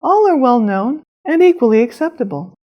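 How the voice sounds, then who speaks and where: A woman narrating a scripted language lesson, explaining phrases clearly and pronouncing them with care. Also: high-pitched, big pitch swings, muffled recording. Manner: clear, measured instruction with careful pronunciation. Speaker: language teacher.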